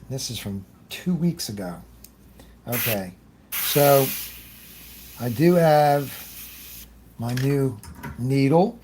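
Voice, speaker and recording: Slow, mellow-voiced man chatting while he paints. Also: medium pitch, lively intonation, a little hiss or hum. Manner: rambling, chatty, greets viewers by name; talks while working, trailing off often. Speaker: airbrush artist hosting a livestream. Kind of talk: casual live demonstration.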